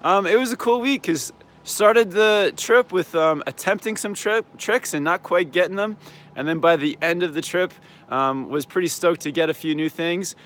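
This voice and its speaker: A slightly hoarse man hosting a casual live-stream Q&A outdoors, laid-back and upbeat, with lots of "um" and "yeah". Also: sits high, moderate pace, a bit bright. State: slightly hoarse, losing his voice. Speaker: snowboard coach and channel host. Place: outdoors in a mountain town. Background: faint traffic and plane noise.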